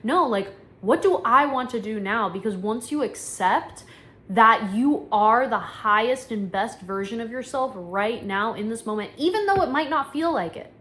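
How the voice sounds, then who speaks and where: A woman's voice: on the high side, expressive, moderate pace, a bit bright. A young woman talking to camera about manifestation in a casual vlog, chatty and emphatic, acting out her own inner dialogue. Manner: emphatic, preachy. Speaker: manifestation vlogger.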